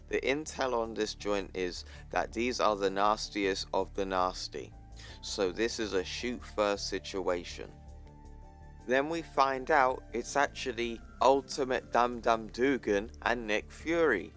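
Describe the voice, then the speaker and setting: A man's voice: lowish voice, unhurried, a bit bright, faint music behind. A man casually retelling a comic book story as a video creator. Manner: casual, plainly retelling panels. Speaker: YouTuber.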